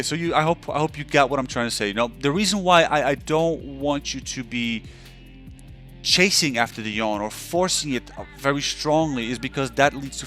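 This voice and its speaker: A man's voice: medium pitch, a bit bright. A male counselor giving a loose, conversational instructional talk over a webcam, often checking in with his listener. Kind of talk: instructional explanation.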